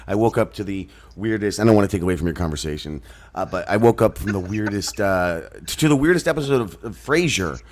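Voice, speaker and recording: A man's voice: expressive, fast, a little mellow, slight background noise. Rambling, jokey man in a casual chat. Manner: rambling, jokey, breaks into high mocking voices. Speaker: guest dropping in.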